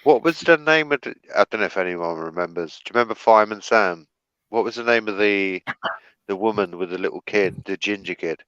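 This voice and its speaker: Low-ish english guy bantering on a call, bouncy pitch, muffled lo-fi sound. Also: brisk, a bit bright, clean tone, dry recording. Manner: joking, swears, often laughs. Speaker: regular on a group voice chat. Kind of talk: casual banter.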